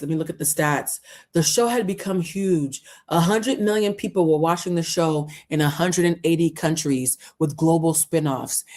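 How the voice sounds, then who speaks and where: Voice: mid-range voice, a little mellow. A vlogger retelling events in a heated, indignant commentary, acting out quotes along the way. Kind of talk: commentary storytelling.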